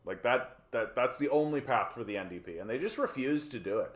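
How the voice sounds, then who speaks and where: A man's voice: mid-range voice, expressive, brisk. Canadian man, livestream host, casual profane rants, mid voice, roomy sound. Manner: profane, rambling, tags lines with "right?". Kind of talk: casual political commentary.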